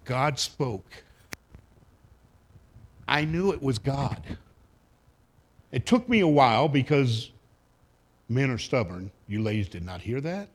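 Husky-voiced man preaching a folksy sermon. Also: medium pitch, lively intonation, takes it slowly, pauses often. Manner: folksy storytelling with humorous asides to the congregation. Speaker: pastor.

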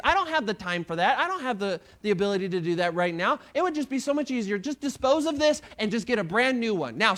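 A male pastor preaching a sermon, retelling a story with acted-out quotes and dropping to hushed tones at moving moments. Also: very high voice.

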